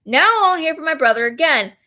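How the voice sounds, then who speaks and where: A woman's voice: high-pitched, expressive, quick pace, pushed and bright. A woman angrily recounting a text-message fight, cursing freely and reading the messages aloud. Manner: angry, profane, reads messages aloud. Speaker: storyteller vlogger.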